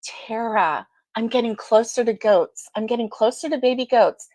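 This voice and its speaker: A woman's voice: fairly high pitch, normal speed, a little mellow, no echo. A woman hosting a casual live chat, greeting viewers by name and laughing often. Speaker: livestream host.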